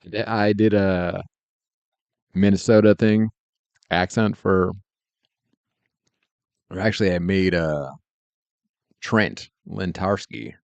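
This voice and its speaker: Low gravelly guy, unhurried, laid-back rambling stream chat, dry close sound. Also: no echo, highs cut off. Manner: laid-back, meandering, chuckles often. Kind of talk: casual rambling chat while working.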